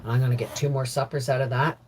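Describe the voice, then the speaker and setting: A middle-aged woman hosting a casual homestead livestream, greeting viewers by name and chatting warmly. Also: rumbling low, level tone, quick pace, a little hiss or hum. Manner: chatty, warm greetings to viewers, laughs often. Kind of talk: casual live chat reading viewer comments.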